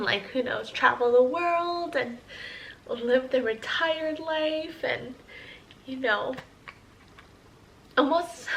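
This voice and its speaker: A woman's voice: high voice, creaky, fairly bright tone, low-quality recording. A pregnant woman in her thirties, a mom vlogger chatting candidly with her viewers in a casual Q&A update.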